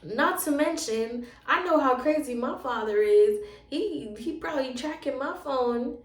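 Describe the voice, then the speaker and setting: A woman's voice: high-pitched, measured pace. A woman telling a personal story in a casual vlog, acting out the dialogue as she goes. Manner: animated retelling, acting out the dialogue. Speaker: storyteller and relationship coach. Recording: roomy sound, voice from a distance from the mic.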